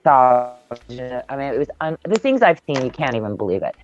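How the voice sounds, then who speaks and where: A woman's voice: a bass voice, sing-song, moderate pace, slight background noise. A woman hosting a casual spiritual chat over a video call, telling stories intensely and emphatically and swearing freely. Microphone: video call mic. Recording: dull lo-fi dry audio.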